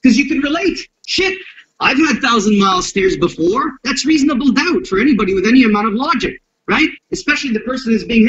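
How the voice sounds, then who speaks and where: A man's voice: very high-pitched, expressive, a little fast, fairly bright tone, a little hiss or hum. A man speaking as a self-defense instructor in an interview, blunt and profane, acting out street confrontations as he explains violence. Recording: dull lo-fi audio.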